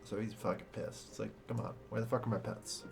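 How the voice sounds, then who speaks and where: A young man streaming a strategy game, ranting and swearing in loud exasperated bursts, then muttering to himself. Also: fairly low pitch, fairly even intonation, fairly quick, vocal fry, over music. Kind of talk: casual game stream commentary.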